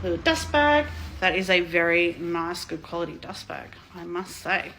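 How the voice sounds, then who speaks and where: A woman in her thirties from Australia, casually unboxing on her vlog, excitable and gushing, swearing freely. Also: on the low side, moderate pace, noisy background. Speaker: vlogger.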